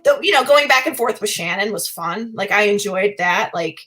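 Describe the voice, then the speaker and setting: A woman's voice: mid-range voice, animated, moderate pace, fairly bright tone, rough recording. A young woman, a podcast guest, chatting casually, rambling and laughing often as she talks in circles.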